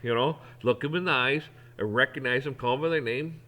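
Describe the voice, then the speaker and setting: A man's voice: mid-range voice, a little fast, sharp tone. A middle-aged man talking in a casual, folksy way, rambling through an opinion monologue with frequent restarts. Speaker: vlogger.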